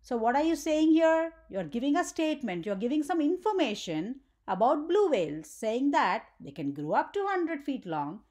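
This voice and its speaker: A woman's voice: high voice, very animated, moderate pace, few pauses, a little mellow. A woman teaching a grammar lesson for children, often checking in with "right?" and asking the viewer questions.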